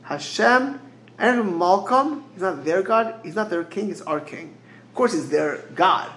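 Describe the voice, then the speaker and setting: A man's voice: high voice, lively intonation, a little slow, a bit bright, roomy sound, rough recording. A man teaching as a rabbi in a Torah lecture, mixing Hebrew phrases into English and often repeating words as he searches for the next one.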